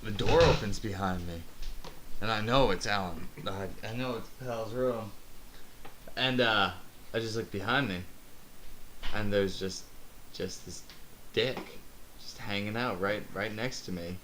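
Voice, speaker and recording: A man's voice: on the low side, measured pace, pauses often, fairly bright tone, slight background noise. Profane rambling young man storyteller. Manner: rambling and profane, laughing at his own story. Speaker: podcast host telling a story. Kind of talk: casual storytelling chat.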